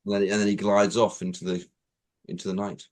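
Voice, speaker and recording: A man's voice: low-pitched, flat delivery, fairly quick. A man co-hosting a podcast in casual chat, playfully riffing on ideas. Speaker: podcast co-host.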